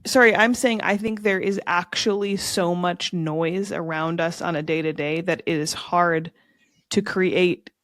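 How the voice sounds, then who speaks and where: A woman's voice: on the low side, steady tone, measured pace, fairly bright tone, no room sound. Earnest woman co-host, dry sound. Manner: earnest, reflective. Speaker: podcast co-host. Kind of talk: casual chat.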